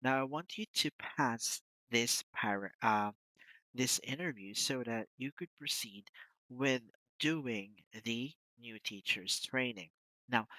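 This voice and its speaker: A pronunciation coach runs an interview-prep lesson, speaking slowly and drilling each sound by repeating words. The voice is bright and animated, rising and falling a lot. The recording is dry and close. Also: mid-range voice, no echo, low-quality recording.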